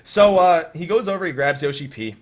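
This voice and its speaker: A man's voice: a little high, expressive, fairly quick. A young man hosting a casual podcast. He tells an anecdote with animation, acts out quotes and laughs often. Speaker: podcast host.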